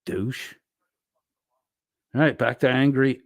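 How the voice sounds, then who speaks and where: An angry man rants and curses through a heated livestream argument. His voice sits low and sounds dry and close, with no room around it. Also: unhurried, dry recording. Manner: angry, profane ranting. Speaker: streamer.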